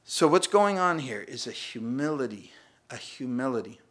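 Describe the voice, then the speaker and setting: A man's voice: mid-range voice, very animated, moderate pace, a bit bright. A male pastor preaching a sermon in a conversational way, acting out the people in the story.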